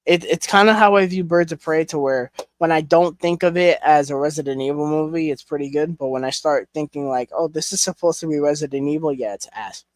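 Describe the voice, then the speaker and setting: A man's voice: on the high side, a little fast, few pauses, dry recording. Casual young man rambling, dry sound. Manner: rambling with fillers and frank swearing. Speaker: collection reviewer. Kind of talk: casual chat.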